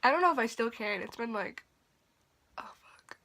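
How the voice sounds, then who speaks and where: Young woman, slightly high voice, casual profane storytime from her bedroom, animated with whispered asides. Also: fast talker. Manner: drops to a whisper at times. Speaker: vlogger. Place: bedroom at night.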